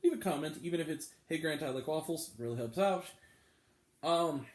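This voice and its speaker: A movie review channel host talks to camera in a casual review vlog, chatty and enthusiastic with bursts of swearing. His fairly high voice has lively intonation and a fairly quick pace, in an echoey room.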